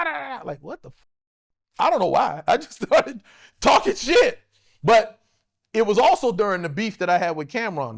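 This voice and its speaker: A man in his forties spins a wild, profane story in casual talk. His voice sits fairly high for a man and swings widely in pitch, with a gravelly rasp running under it. He drops into other people's voices as he recounts what they said. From United States. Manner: animated, profane, acts out other people's lines. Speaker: interview guest, actor.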